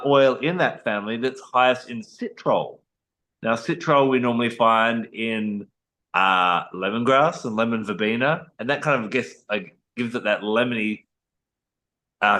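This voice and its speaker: A man's voice: mid-range voice, a bit bright. A man with an Australian accent, co-hosting a casual chat and explaining things thoughtfully with many fillers. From Western Australia. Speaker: podcast co-host.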